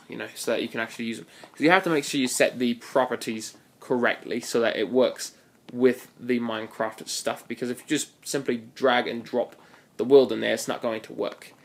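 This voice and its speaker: A man's voice: mid-range voice, creaky. A man giving casual, rambling commentary while he plays a game, chatty and playful, often restarting his sentences. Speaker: gaming video host.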